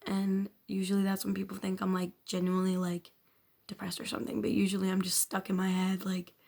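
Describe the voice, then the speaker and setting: A woman's voice: medium pitch, completely flat delivery, a little fast, gravelly, darkish tone. A young woman vlogging a frank personal confession, rambling with constant filler words and casual swearing. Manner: frank, self-questioning, occasional nervous laughs.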